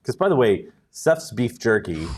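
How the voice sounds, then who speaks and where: Man, co-host, livestream banter, animated pitch, eager. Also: normal speed, slight background noise. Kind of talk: casual livestream chat.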